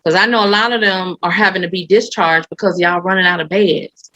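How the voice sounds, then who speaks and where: A woman's voice: fairly low pitch, fairly even intonation, a little fast, a bit bright, no echo, poor audio. A woman podcast host in a conversational interview, asking questions casually and reacting with short engaged replies.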